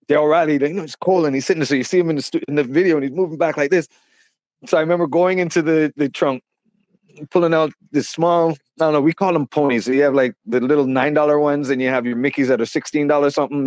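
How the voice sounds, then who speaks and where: A man's voice: on the high side, quick pace, a little mellow, no room sound. A middle-aged man telling stories in a casual interview, rambling with many fillers and restarts. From Canada. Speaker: interview guest, rapper.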